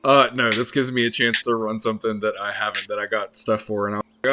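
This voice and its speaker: A man's voice: lowish voice, level tone, quick pace, bright, forceful tone. A man running a tabletop game as dungeon master, laughing often in casual talk.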